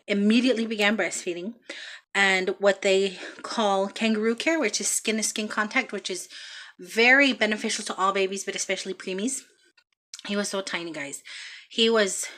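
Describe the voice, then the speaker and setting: A woman telling a heartfelt story about her son's birth in a casual vlog, with many pauses and ums. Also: mid-range voice, pushed and bright. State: out of breath. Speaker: vlogger, mother.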